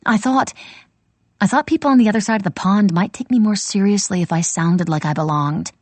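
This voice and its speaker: A woman voicing a brisk, sharp-tongued young woman who talks in a quick, teasing, blunt way. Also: mid-range voice, no echo, close to an everyday voice.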